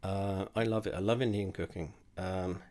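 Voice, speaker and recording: A tipsy young man talks his way through a drinks tasting in a low voice. He rambles and swears freely, and mocks his own efforts as he sips. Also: fairly even intonation, moderate pace, a little mellow. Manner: rambling, sweary, self-mocking. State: drunk. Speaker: host of a drinks tasting video. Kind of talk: casual tipsy tasting monologue.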